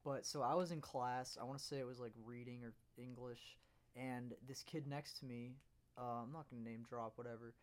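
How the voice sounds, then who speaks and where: A young man in a relaxed chat, spinning a story with lots of swearing and bursts of laughter. His voice sits at an ordinary middle pitch and he speaks loosely and casually. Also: normal speed.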